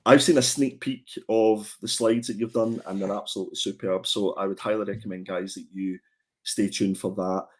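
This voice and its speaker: A man's voice: lowish voice, steady tone, moderate pace, husky. A man hosting a casual comics livestream, chatty and prone to repeating his words as he goes. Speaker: comic show host.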